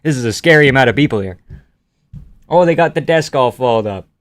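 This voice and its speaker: A man's voice: mid-range voice, expressive, a little fast, no room sound. A man from Canada streaming live, reading out viewer comments and answering them offhandedly with casual swearing.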